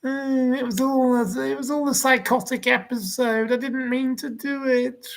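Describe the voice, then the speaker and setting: A man putting on a high, whiny, simpering voice to mock a man dodging blame. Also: little pitch movement, normal speed, creaky.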